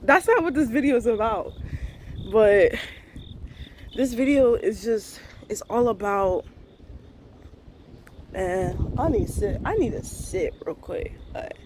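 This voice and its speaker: A woman in her twenties vlogging a frank, profane morning rant to her viewers, full of slang and talking things through out loud. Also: fairly high pitch, expressive, slow, long pauses, a little hiss or hum. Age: 20s. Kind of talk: casual morning rant to camera.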